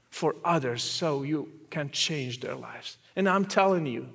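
A man giving an earnest testimony as a guest speaker, repeating phrases and at times dropping to a quiet, soft voice. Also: high-pitched. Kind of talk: testimony sermon.

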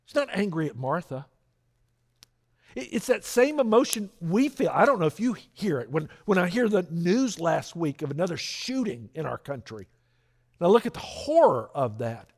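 Lively pastor preaching earnestly. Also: male voice, sits high, moderate pace. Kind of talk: sermon.

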